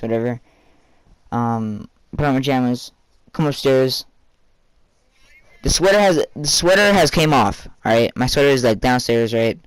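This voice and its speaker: A man's voice: medium pitch, clean tone, no room sound. A teenage boy telling a rambling personal story for a vlog, full of fillers and casual swearing.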